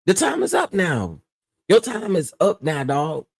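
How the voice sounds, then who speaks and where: A male commentary host sounds off in a casual, heated rant. His voice sits slightly higher than most men's, and he keeps his delivery blunt and insistent. He drives each point home by repeating it. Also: wildly swooping pitch, measured pace, creaky, darkish tone, slightly rough.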